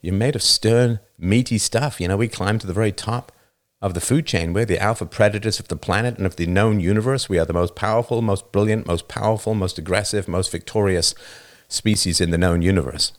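Speaking a little quickly in a lowish voice, a livestream host gives a casual, emphatic monologue. He uses a new studio microphone and often punctuates his points by asking "right?"

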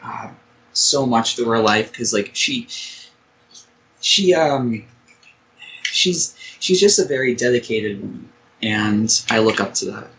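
A man in his twenties calling in, speaking hesitantly with many pauses and "um"s. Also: mid-range voice, a bit bright, a little hiss or hum, low-quality recording. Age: 20s. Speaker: caller. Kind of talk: call-in conversation.

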